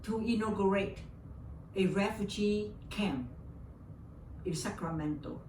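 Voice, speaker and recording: This older Vietnamese woman talks slowly in a medium-pitched, slightly mellow voice. As an interview guest speaking English as a second language with a Vietnamese accent, she tells an emotional personal story and often repeats her words. Faint hiss sits beneath a roomy, distant recording.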